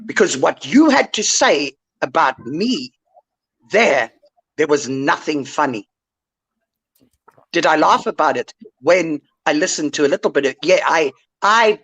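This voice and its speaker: A woman's voice: deep voice, expressive, a little slow, a bit bright, husky. An older woman on an online call, ranting indignantly and lecturing someone in a live chat. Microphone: online call mic.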